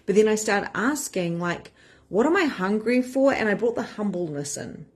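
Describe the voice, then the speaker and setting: A woman's voice: mid-range voice, lively intonation, normal speed, breathy edge. A woman in her thirties, a spiritual empowerment coach, talking frankly and with energy to her members, swearing casually. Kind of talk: casual live-stream talk to members.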